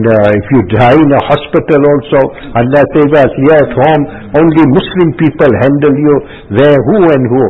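A man preaching a religious talk in a husky, breathy voice, pausing often with fillers and restarts. The sound is thin and phone-like, as if heard over a radio broadcast. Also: mid-range voice. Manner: halting, with many fillers and restarts. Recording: tinny phone-like radio audio.

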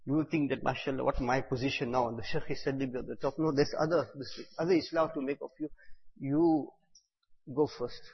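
Husky-voiced man preaching. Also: medium pitch, steady tone, fairly quick. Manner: storytelling, repeats phrases for emphasis, bursts loud on key words. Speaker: religious teacher. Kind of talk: devotional talk to a gathering. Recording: echoey hall, dull lo-fi sound.

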